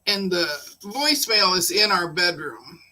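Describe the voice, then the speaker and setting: A woman's voice: on the low side, expressive, measured pace, pushed and bright, poor audio. A woman hosting a casual live stream, chatting and telling a personal story, laughing often. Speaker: livestream host.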